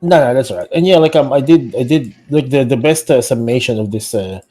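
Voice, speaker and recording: Mellow-voiced man rambling in frustration. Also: medium pitch, brisk. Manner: rambling, heavy with fillers like "like" and "you know", frustrated. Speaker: podcast co-host. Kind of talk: casual political chat.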